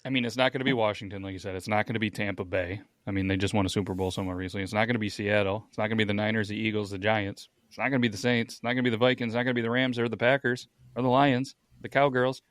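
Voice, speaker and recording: A man's voice: lowish voice, fairly even intonation, rapid-fire, hardly any pauses, no room sound, studio quality. A man co-hosting a podcast, bluntly running through lists and reading out stats. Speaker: podcast co-host. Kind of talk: casual chat.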